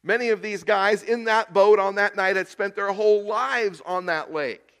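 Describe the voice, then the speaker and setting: A man preaching a sermon, swinging between loud emphasis and hushed, quiet lines with long deliberate pauses. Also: high voice. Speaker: pastor.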